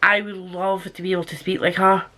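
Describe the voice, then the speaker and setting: A woman with a soft Scottish accent chatting casually in a sit-down vlog, giggly and self-deprecating. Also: fairly low pitch, level tone, brisk. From Scotland. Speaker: booktuber.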